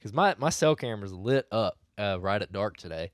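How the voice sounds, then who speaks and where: A man co-hosts a podcast in an easy storytelling style. His voice is smooth and resonant, recorded close and dry with no room sound. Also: fairly low pitch, fairly quick, dry recording. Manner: storytelling, chatty, animated retelling. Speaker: podcast co-host. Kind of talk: casual chat.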